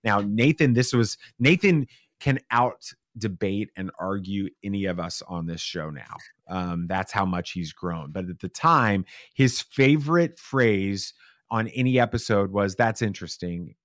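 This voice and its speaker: A man, a father and podcast guest, telling a story in a casual, animated way and acting out the quotes. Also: on the low side, unhurried, no echo, studio quality. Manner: animated, acts out quotes with shifting voices.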